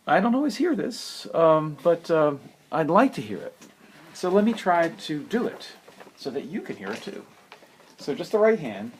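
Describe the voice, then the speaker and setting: A man giving a spoken piano lesson, unhurried and thoughtful, who sings rhythms and counts beats aloud. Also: fairly high pitch, sing-song, lo-fi sound. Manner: unhurried, thoughtful, with many fillers. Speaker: piano teacher.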